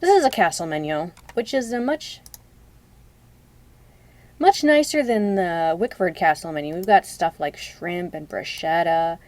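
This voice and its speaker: A young woman talks loosely and casually to her stream viewers. She rambles, doubles back to fix her own sentences, and laughs easily along the way. Her voice sits at an ordinary middle pitch. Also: darkish tone. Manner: chatty, rambling, laughs often, self-correcting. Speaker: live streamer showing reference photos. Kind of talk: casual live-stream chat.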